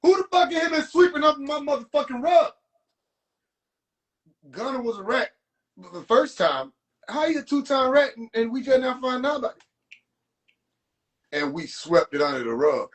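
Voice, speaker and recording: A man with a high-pitched voice rants on a phone livestream, talking to his viewers. His voice swoops up and down a lot as he mocks and curses. It is loose, profane and animated. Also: normal speed, long pauses. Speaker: livestream host. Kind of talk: rant to a live audience.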